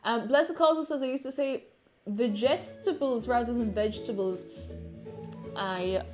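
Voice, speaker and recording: A woman's voice: fairly high pitch, a little slow, darkish tone, faint music behind. Giggly Irish woman chatting on stream. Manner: giggly, chatty, rambling asides. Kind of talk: casual chat reading viewer comments. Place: home streaming setup.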